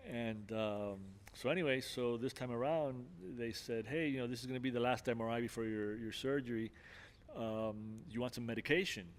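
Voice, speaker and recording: An older man speaks as a podcast guest, telling his story with earnest sincerity. His pitch sits in an ordinary middle range, and he often restarts phrases and leans on "you know." The delivery feels unscripted and conversational. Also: steady tone, moderate pace. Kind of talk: personal testimony in conversation.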